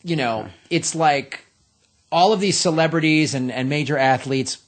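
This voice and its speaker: Podcast host: man, slightly high voice, loose profane retelling of anecdotes. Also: moderate pace. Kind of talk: casual chat.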